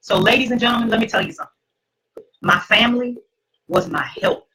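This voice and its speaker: A middle-aged woman, host, telling her personal testimony to an audience in an emphatic, preacherly way, with a husky voice. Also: fairly high pitch, fairly quick, bright, forceful tone, poor audio.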